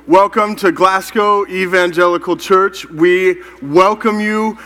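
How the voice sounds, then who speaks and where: A man giving the welcome at a church service, speaking slowly and deliberately. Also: high-pitched. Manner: warm, welcoming, slow and deliberate. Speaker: church greeter.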